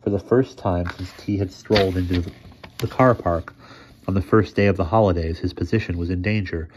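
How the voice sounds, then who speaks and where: A man reading a short story aloud in a steady, measured way. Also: low-pitched, noisy background. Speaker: story reader.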